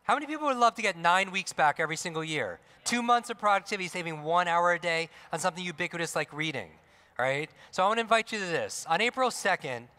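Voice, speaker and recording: Energetic man speaking in a reverberant hall. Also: high-pitched. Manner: energetic, asks the crowd questions, tag "right?". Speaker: motivational speaker. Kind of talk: live stage talk to an audience. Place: large expo hall.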